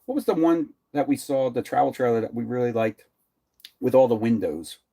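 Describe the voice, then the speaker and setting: A man's voice: mid-range voice, brisk, gravelly, mellow. Philly guy rambling about rv stuff, laughs a lot, easygoing. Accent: Philadelphia. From Philadelphia. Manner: rambling, friendly, laughs often. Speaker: RV vlogger co-host. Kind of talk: casual chat.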